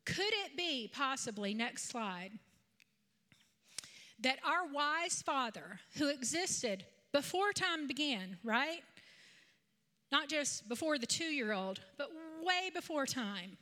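Bright-voiced woman preacher in her fifties. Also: sits high, takes it slowly. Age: 50s. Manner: conversational, animated storytelling with asides. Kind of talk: sermon with personal storytelling.

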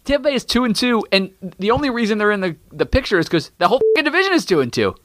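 A man co-hosting a comedy podcast, talking in an animated, exasperated way and swearing freely. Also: sits high, racing, dry recording. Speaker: podcast co-host.

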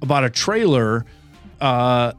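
A man's voice: medium pitch, expressive, slow pace, soft background music. A man co-hosting a podcast in casual chat, rambling and correcting himself as he talks. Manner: rambling, self-correcting, chatty. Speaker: podcast co-host.

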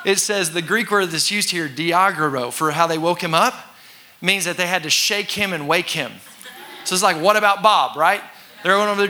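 Animated bright-voiced male preacher. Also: sits high, normal speed, slight background noise. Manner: animated, acts out voices and shouts for effect; conversational with congregation call-and-response. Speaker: pastor. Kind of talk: sermon.

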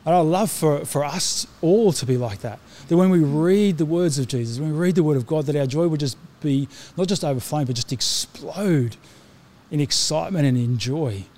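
A man's voice: a little high, a little fast, few pauses, dark tone. A middle-aged man preaching a sermon to his congregation, earnest, often restarting his sentences with fillers. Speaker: pastor.

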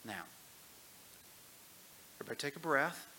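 A man leading a church class, first reading a story aloud, then giving earnest, calm instructions. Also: a little high, moderate pace, a little hiss or hum, low-quality recording.

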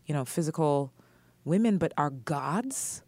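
A woman's voice: sits low, expressive, measured pace, a little mellow, no echo. A woman co-hosting a podcast in casual chat, heated and swearing freely, with frequent laughs. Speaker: podcast co-host.

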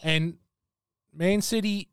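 A man co-hosting a podcast, opinionated and halting as he talks. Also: sits high, steady tone, clean tone, no echo, clean studio sound. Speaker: podcast co-host and youth rugby coach. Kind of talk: casual chat.

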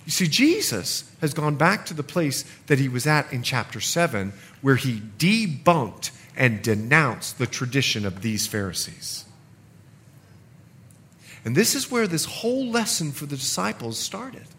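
Middle-aged guy preaching, bright ringing voice, goes loud then real quiet, acts out the bible bits. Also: mid-range voice, measured pace. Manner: animated, swings from loud to hushed, acts out scripture voices. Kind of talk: sermon.

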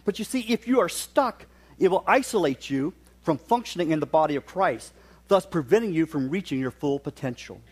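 A man's voice: fairly high pitch, expressive, moderate pace, darkish tone, husky. A middle-aged man from West Virginia, preaching a sermon in a folksy, storytelling manner with touches of humor.

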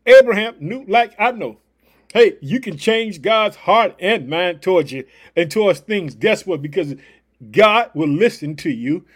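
A man's voice: sits high, expressive, measured pace. A man preaching a devotional podcast sermon, fired up and emphatic, leaning on repeated catchphrases.

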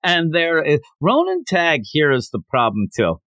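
A man co-hosting a casual comic book review, talking in an animated, lively way. His pitch swings widely as he mimics characters' lines with mock outrage. The sound is dry and close. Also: unhurried, no room sound. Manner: animated, acts out characters' lines in mocking voices. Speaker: podcast co-host.

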